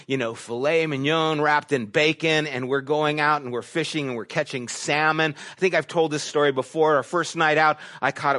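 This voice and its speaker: A middle-aged pastor delivers a sermon in a slightly raised, light male voice. He tells stories easily, dropping into quiet asides and then climbing into emphatic, rising questions. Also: on the high side. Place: church sanctuary.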